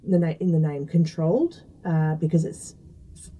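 A woman's voice: sits low, normal speed, mellow, husky, recorded from a distance, low-quality recording. A woman, chatting casually as a guest and explaining food science with lots of fillers. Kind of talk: casual interview talk.

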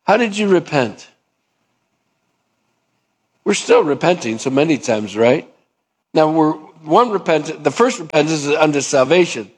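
Male pastor, fairly high voice, conversational sermon with voiced back-and-forth. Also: animated, unhurried, long pauses, breathy edge. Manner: conversational preaching, acts out both sides of dialogues.

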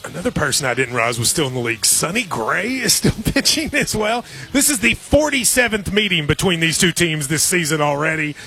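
A man's voice: fairly high pitch, fairly quick, creaky, few pauses, bright, forceful tone, soft background music. A man hosting a radio show, making casual sports picks in an easygoing, joking way. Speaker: radio host.

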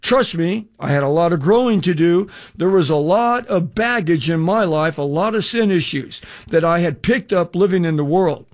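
An older man giving a radio testimony sermon as an evangelist, telling his story in an animated way, acting out the dialogue and putting direct questions to the listener. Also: sits high, normal speed, hardly any pauses.

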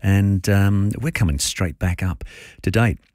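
Deep-voiced laid-back male radio host. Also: measured pace, darkish tone, no room sound, studio quality. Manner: chatty, jokey, self-amused. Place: radio studio. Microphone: studio mic.

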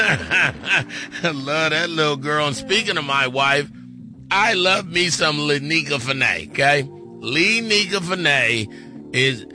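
A man's voice: a little high, expressive, slow pace, pushed and bright, soft background music. A man co-hosting a morning radio show, joking playfully with a church-style cadence. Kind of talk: casual morning radio banter.

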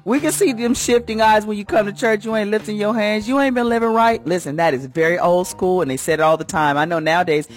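A woman's voice: mid-range voice, quick pace, few pauses, soft background music. A woman hosting a morning radio segment, talking like a preacher in a fervent, folksy way with a church first lady's conviction. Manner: fervent, folksy, swoops up and down for emphasis.

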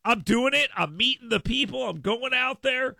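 High gravelly-voiced talk radio host. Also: male voice, lively intonation, normal speed, pushed and bright, dry recording, studio quality. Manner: emphatic, repetitive, riffing with listeners. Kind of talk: casual talk radio monologue.

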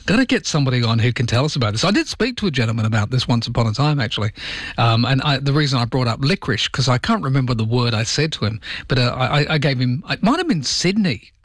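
A man's voice: mid-range voice, very animated, fast, no room sound, clean studio sound. A man hosting a radio show, chatting casually and keeping asking his listeners rhetorical questions. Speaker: radio host. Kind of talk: casual talk radio chat. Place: radio studio. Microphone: studio microphone.

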